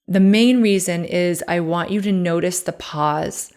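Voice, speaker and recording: Slow, calm woman guiding breathwork. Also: lowish voice. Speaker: podcast host and life coach. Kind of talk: guided breathing meditation.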